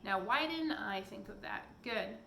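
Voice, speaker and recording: Une femme qui joue une fillette suppliante. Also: female voice, medium pitch, lively intonation, a little slow, gravelly, bright, forceful tone, slight background noise, full character voice. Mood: urgent. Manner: pleading, urgent. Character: young girl, eager and pleading. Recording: echoey room.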